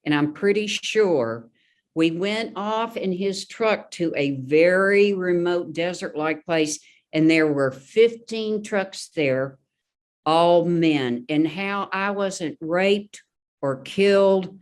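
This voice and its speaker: A woman's voice: on the low side, takes it slowly. A woman sharing her recovery story in a podcast interview, earnest and openly emotional. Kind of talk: personal testimony in a podcast interview.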